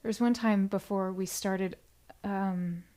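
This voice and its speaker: A woman chats casually on a live stream, greeting viewers by name. Her voice sits at an ordinary middle pitch. She swings between gushing, high-spirited bursts and gentle, near-whispered thanks. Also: slow pace. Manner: effusive and grateful, with sudden bright excited bursts and soft hushed thank-yous.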